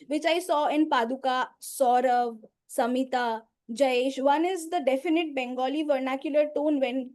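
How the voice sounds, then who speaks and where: High-voiced woman giving a measured report. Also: a little mellow. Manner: measured, instructive, pauses between items. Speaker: grammarian at a speaking club meeting. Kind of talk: meeting report speech. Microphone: video call.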